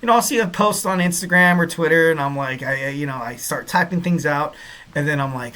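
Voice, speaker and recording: A man's voice: a little high, a little fast, pushed and bright. A male podcast host talks casually from his home setup, drifting from point to point and padding his lines with filler. His tone stays upbeat and playful, with frequent self-deprecating jokes. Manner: rambling, heavy on "you know" fillers. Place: home in Southern California.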